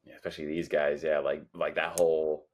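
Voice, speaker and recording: A man's voice: a bass voice, level tone, brisk, a little mellow. A man hosting a podcast who chats casually and laughs often, with short agreeing replies. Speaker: podcast host.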